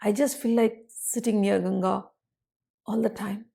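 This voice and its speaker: A woman voicing a patient, loving male god who speaks in a soft, tender, doting voice. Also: medium pitch, fairly even intonation, measured pace, gravelly, husky, full character voice. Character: calm, adoring male god, patient husband.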